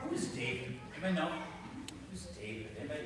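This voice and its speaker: A man's voice: a little high, animated, quick pace, noisy background. A man giving a homily to children in church, chatty and coaxing as he asks them questions. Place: large church. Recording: echoey church from far off.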